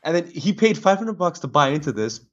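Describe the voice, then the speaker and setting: Man, podcast guest, animated storyteller, dull lo-fi recording. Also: fairly high pitch, a little fast. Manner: animated storytelling with many restarts. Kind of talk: casual chat. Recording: dull lo-fi audio.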